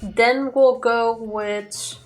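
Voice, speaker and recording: A woman's voice: fairly high pitch, steady tone, drawn-out words, faint music behind. A woman co-hosting a let's play, chatting casually about the game in a playful, giggly way. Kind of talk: casual gameplay commentary.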